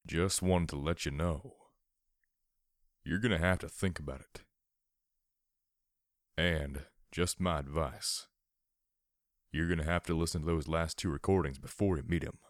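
Guy doing a raspy old ghost pony, grandpa-soft and teasing, super deep and slow. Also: steady tone, dry recording, studio quality. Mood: gently advising. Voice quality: rasping, feathery. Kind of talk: audiobook character voice.

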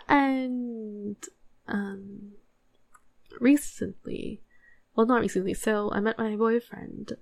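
A woman's voice: on the high side, creaky, darkish tone, no echo. A young woman telling a casual story in a put-on Australian accent, chatty and rambling, giggling between remarks.

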